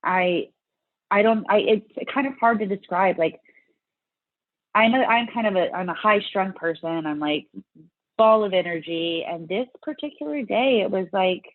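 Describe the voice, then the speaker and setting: A woman guest telling her story in a casual interview, animated and full of restarts. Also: medium pitch, normal speed, dry recording, phone-quality sound. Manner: animated, many restarts and fillers. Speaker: guest, bodybuilding competitor.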